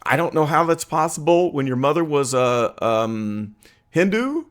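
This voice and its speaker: Lively conversational man vlogging his opinions. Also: fairly high pitch. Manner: earnest, conversational, with frequent uh and um pauses. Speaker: political commentary host. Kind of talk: opinion vlog monologue.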